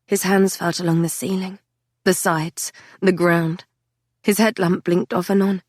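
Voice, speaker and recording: A woman narrating a dark fantasy story in the first person, with an intense, measured delivery. Her voice sits low, and the recording is dry and close, with no room around it. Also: level tone, no room sound. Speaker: audiobook narrator.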